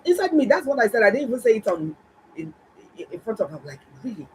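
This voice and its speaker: A middle-aged woman, a doctor, telling viewers a story in a casual, animated and exclaiming way. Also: on the high side, moderate pace, slight background noise, poor audio. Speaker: doctor and health vlogger.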